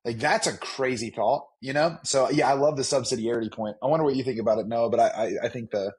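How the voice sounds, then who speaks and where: A man in his thirties co-hosts a casual podcast. He has a husky, mid-pitched voice and muses reflectively, stammering a little at the start of his thoughts. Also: quick pace, a little mellow. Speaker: podcast co-host. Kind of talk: casual chat.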